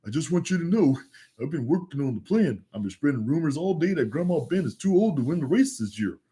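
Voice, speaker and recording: A man's voice: fairly high pitch, lively intonation, fast, warm tone, natural voice. A man with a Southern US accent voicing a scheming, greedy little male cartoon creature who talks like a smug huckster.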